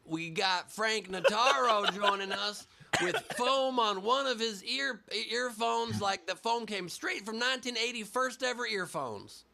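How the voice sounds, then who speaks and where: A man's voice: high voice, creaky, sharp tone. A man hosting a comedy show over a video call, riffing playfully and joking with guests. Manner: playful, riffing, mock voices and jokes. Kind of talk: improvised comedy banter.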